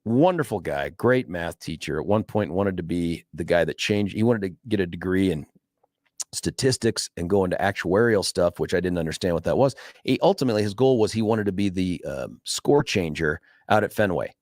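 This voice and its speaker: A man's voice: low-pitched, expressive, moderate pace, darkish tone, dry recording, studio quality. A man hosting a talk radio show, telling a story in a monologue and acting out the voices of the people he quotes.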